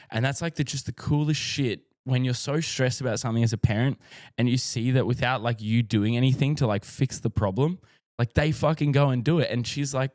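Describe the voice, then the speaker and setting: Talking to camera, a dad vlogger from Australia rambles in a medium, slightly mellow voice, swearing frequently, filling with "like" and speaking with open, heartfelt emotion. There's no room sound and the studio audio is clean.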